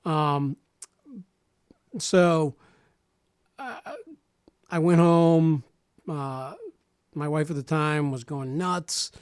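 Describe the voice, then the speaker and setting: A man in his forties tells a personal story on casual radio, animated and voicing other people's lines while often restarting and repeating words. His voice is on the high side and smooth, very slow with frequent pauses, in a dry studio-quality recording.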